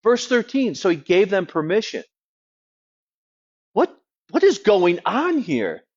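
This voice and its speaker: A man's voice: sits high, huge pitch swings, takes it slowly. A man preaching a sermon as a pastor, in a conversational, wry teaching tone. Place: church. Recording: dull lo-fi sound.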